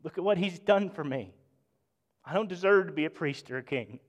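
A man preaching a sermon with passion, swinging between loud emphatic bursts and hushed, intimate moments. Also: on the high side, expressive, brisk. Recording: long hall reverb.

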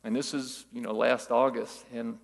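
Gravelly older man preaching in a hall. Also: medium pitch, flat delivery, moderate pace. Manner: folksy storytelling with rhetorical questions. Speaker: church teacher. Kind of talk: conversational sermon.

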